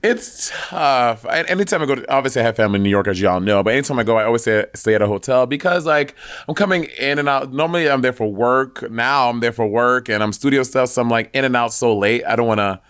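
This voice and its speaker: Laid-back man, mid-pitched, dry podcast sound. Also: quick pace, hardly any pauses, fairly bright tone, clean tone, no echo. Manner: laid-back, laughing and teasing. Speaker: podcast co-host. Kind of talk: casual podcast chat.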